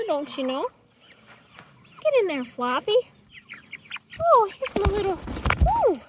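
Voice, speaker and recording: A woman's voice: extremely high pitch, slight background noise. A woman keeping backyard chickens, narrating casually outdoors as she coaxes them to bed in sing-song baby talk. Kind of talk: casual vlog narration while herding chickens.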